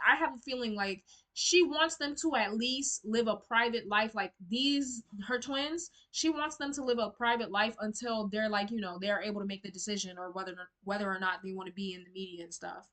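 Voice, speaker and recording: A woman's voice: fairly high pitch, moderate pace, few pauses, a bit bright. A young woman giving a tarot reading to camera in casual, blunt, outspoken talk. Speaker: tarot reader.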